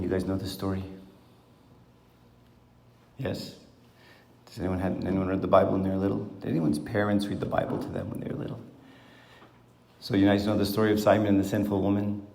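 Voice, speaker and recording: Deep-voiced man teaching a small group. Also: a little mellow, slight background noise. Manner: asks the group questions, conversational. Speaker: Bible teacher. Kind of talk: informal Bible talk to a small group. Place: small room around a table. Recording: echoey room.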